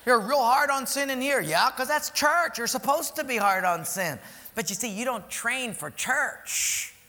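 A male pastor preaching a sermon, telling stories in an animated way that swings between loud and soft. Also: extremely high pitch, unhurried, long reverb tail.

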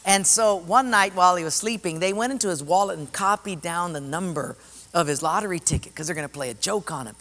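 A high, bright-voiced man preaches with lively storytelling, jumping into the voices of his characters. His words ring out with a long reverb, as in a large hall. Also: a little fast. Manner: animated, acts out voices in stories. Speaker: pastor. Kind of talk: sermon with storytelling.

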